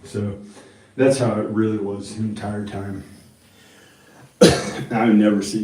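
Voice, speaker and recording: A man's voice: lowish voice, unhurried, pauses often, darkish tone. A man vlogging in a rambling, profane monologue, talking into a handheld microphone. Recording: roomy, mic held far off.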